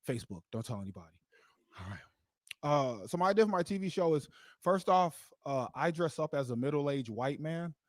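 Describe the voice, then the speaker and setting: A man's voice: mid-range voice, a little mellow, dry recording. A man performing a live stand-up comedy set into a stage mic, rambling with lots of "like" and laughing at his own jokes. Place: live comedy show venue.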